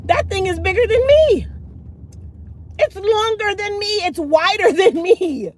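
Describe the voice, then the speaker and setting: A middle-aged woman with an extremely high-pitched voice speaks unhurriedly as a vlogger and channel host, telling viewers a long story in casual chat. She's animated and acts out the other people in the story.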